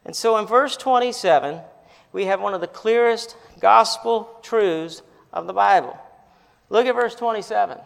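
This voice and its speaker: Male pastor, high gravelly voice, animated sermon storyteller, reverberant sanctuary. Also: moderate pace. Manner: animated storytelling, rising to emphatic peaks. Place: church sanctuary. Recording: reverberant hall.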